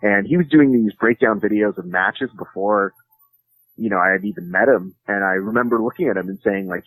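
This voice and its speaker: A man's voice: fairly low pitch, fairly quick, a bit bright, breathy edge, dry recording, low-quality recording. Man chatting casually, jokey and rambly, dead dry room. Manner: joking, rambling with many fillers. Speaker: podcast host and jiu-jitsu commentator, guest. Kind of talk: casual interview chat.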